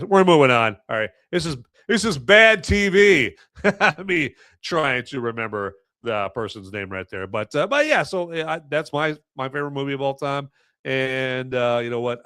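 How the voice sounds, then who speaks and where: A man with a bright, forceful, clear, and resonant medium-pitched voice hosts a live podcast reviewing movies and beer, recorded dry at studio quality. His casual live-stream chat rambles, with self-mocking humor and jokey asides.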